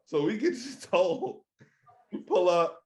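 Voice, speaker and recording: A man's voice: high voice, sing-song, a little slow. A man with an American accent, a podcast co-host who tells stories in casual chat and laughs often as he talks. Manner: laughing while telling stories.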